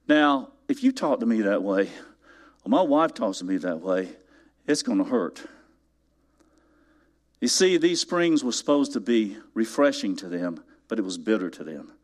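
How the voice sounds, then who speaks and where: Animated man preaching a sermon. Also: on the low side. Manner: animated storytelling, builds to loud emphatic peaks; asks the congregation rhetorical questions. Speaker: pastor. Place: church.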